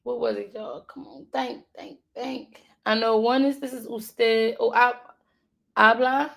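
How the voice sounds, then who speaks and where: Woman studying aloud, gravelly voice, slow and musing, repeats words, fairly high. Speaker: learner. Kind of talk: thinking aloud while studying.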